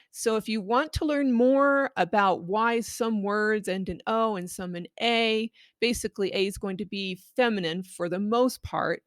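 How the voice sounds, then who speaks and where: A woman's voice: mid-range voice, a bit bright, no room sound, studio quality. A woman giving patient, explanatory tips to parents on reading a bilingual picture book aloud to their children. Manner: patient, explaining, models read-aloud phrases. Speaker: children's language book presenter.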